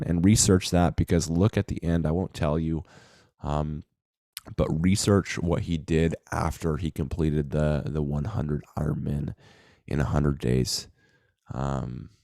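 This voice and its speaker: A man with an extremely deep, dark, mellow voice talks loosely and thoughtfully to his viewers. He restarts his sentences and fills his pauses with ums. The sound is close and dry. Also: gravelly, dry recording. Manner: reflective, loose, many fillers and restarts. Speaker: self-help vlogger. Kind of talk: casual monologue to camera.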